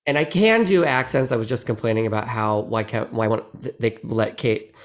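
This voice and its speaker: A man, a guest actor in a casual interview, who talks in an animated, rambling way with many restarts and laughs. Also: medium pitch, a little fast. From United States.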